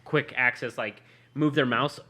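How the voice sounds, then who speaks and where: A man co-hosting a casual tech podcast, rambling and leaning on "like" as he thinks out loud. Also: medium pitch, fairly even intonation, measured pace. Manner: rambling, leans on "like" as a filler. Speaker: podcast co-host. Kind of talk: casual chat about tech gadgets.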